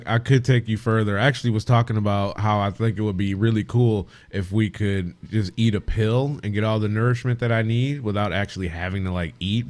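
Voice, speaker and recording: A man's voice: on the low side, darkish tone. A man hosting a podcast in easygoing casual chat, often laughing and rambling. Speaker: podcast host.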